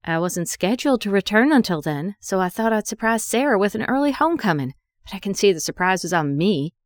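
A woman's voice: mid-range voice, animated, brisk, no echo, clean studio sound, close to an everyday voice. A woman voicing a betrayed woman who speaks in clipped, bitter lines while furious and wounded. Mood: sardonic.

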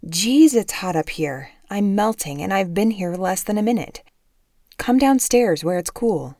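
A woman voicing an exasperated, sharp-tongued middle-aged mother in an audiobook, scolding and emphatic. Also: medium pitch, expressive, measured pace, no echo, clean studio sound.

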